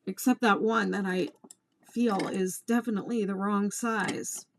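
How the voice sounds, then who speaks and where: Lady teaching crochet, talks slow, chatty and a bit exasperated, counts stitches under her breath. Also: medium pitch, fairly even intonation, vocal fry, noisy background. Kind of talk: casual crochet tutorial.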